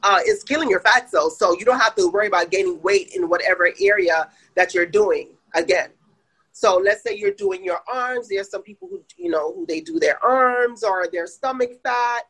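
Jamaican woman, spa owner guest, husky voice, plain explainer, lots of "you know". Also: medium pitch, lively intonation, moderate pace, a bit bright, poor audio. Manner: explains plainly, many fillers. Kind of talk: casual interview answers.

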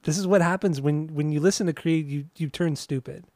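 Brief: male podcast co-host, teasing and jokey, slightly raised pitch. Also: fairly quick, warm tone, no room sound. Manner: joking, teasing banter. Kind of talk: casual music podcast chat.

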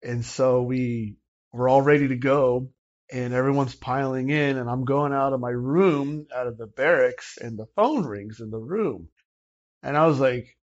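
An interview guest, a man, tells a personal story in an animated way and acts out the people in it. His voice is mid-pitched. The recording sounds slightly dull and lo-fi. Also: normal speed.

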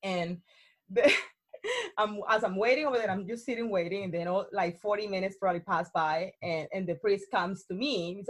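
A woman's voice: medium pitch, normal speed. Outgoing Colombian woman telling stories. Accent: Colombian Spanish. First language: Spanish. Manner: outgoing, animated storyteller who laughs often. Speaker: guest. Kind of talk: casual conversation.

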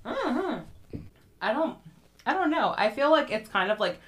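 A woman's voice: fairly high pitch, very animated, normal speed, fairly bright tone, husky. A young woman hosting a podcast, chatting casually and profanely about history, laughing often and acting out what people said. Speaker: podcast host. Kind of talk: casual true-crime history chat.

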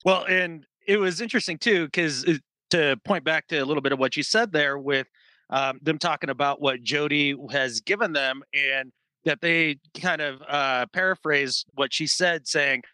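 A man hosting a casual sports talk show, animated and acting out quotes in mock voices. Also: a little high, moderate pace, no room sound. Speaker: sports podcast host.

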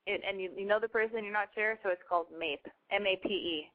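A woman's voice: mid-range voice, fast. A woman hosting a call-in show, chatting casually in a blunt, joking, rambling way. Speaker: host taking calls. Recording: phone-like lo-fi sound.

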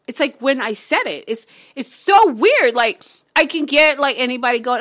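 A woman reading a novel aloud on camera, breaking off into excitable, swearing reactions. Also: fairly high pitch, measured pace. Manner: animated, swearing, excitable asides. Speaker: book reader vlogger. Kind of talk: casual read-aloud with reactions.

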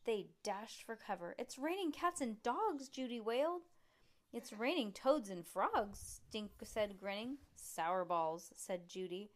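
A woman reading a children's book aloud at home, voicing the characters in a lively way and stopping to chat and laugh with a child. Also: mid-range voice, slow pace. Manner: lively, voices the characters, chats and laughs between passages. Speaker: reader.

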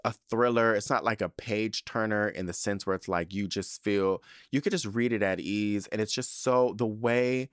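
Podcast host, man, 30s, low voice, salty and animated, dry close sound. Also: normal speed, hardly any pauses, smooth, no echo. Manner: profane, animated and gushing. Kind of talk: casual chat.

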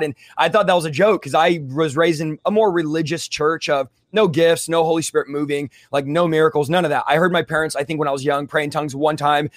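A young man from California, speaking as a guest telling his testimony, has a fairly high-pitched, steady voice and talks fast with hardly any pauses, recorded dry. His conversational interview story is fervent and casual, sprinkled with slang like "bro" and "dude".

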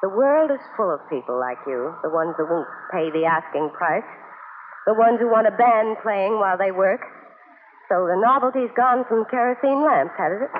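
An actress playing a wry, steady young woman who narrates in 1940s radio drama style, dry and teasing. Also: mid-range voice, moderate pace, natural voice. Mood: scolding. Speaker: narrator and farm wife. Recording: tinny, hissy old radio broadcast.

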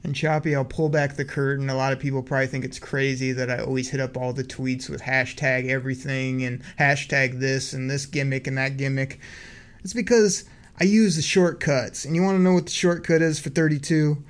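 A man hosting a casual sports podcast, recapping game plays from his notes with excited play-by-play energy. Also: medium pitch, brisk. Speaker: podcast host.

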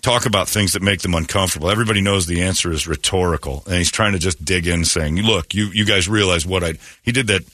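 A man in casual comedic chat, riffing animatedly and jumping into high mocking voices for bits. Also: fast talker, hardly any pauses, pushed and bright, no room sound.

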